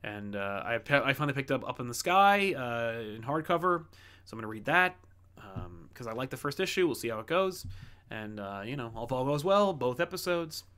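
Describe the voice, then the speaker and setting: A man's voice: mid-range voice, big pitch swings, normal speed, pushed and bright, smooth. A man hosting a comic book livestream, chatting casually and rambling with lots of fillers while he reads out viewer messages. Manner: rambling, many fillers and restarts.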